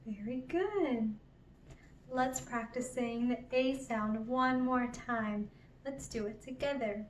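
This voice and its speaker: A woman teaching toddlers phonics, gentle and encouraging, drawing out each sound. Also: a little high, steady tone, distant mic, slight background noise. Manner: gentle, encouraging, drawn-out repetition. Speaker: children's educator. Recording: roomy, from off the mic.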